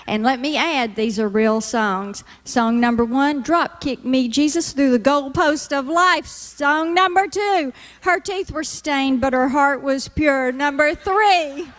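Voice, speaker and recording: A woman's voice: high voice, slow pace, few pauses, fairly bright tone, in a large hall. A middle-aged woman from Mississippi with a Southern accent, doing a folksy, teasing stand-up routine. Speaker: comedic speaker.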